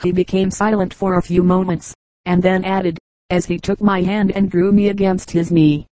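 A woman narrating an audiobook in a steady, even reading. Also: lowish voice, moderate pace, no echo, poor audio. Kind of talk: scripted narration.

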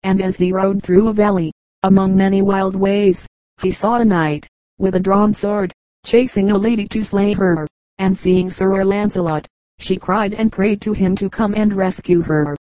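A woman narrating an audiobook in a measured storytelling manner. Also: mid-range voice, fairly even intonation, warm tone, no echo, poor audio. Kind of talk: audiobook reading.

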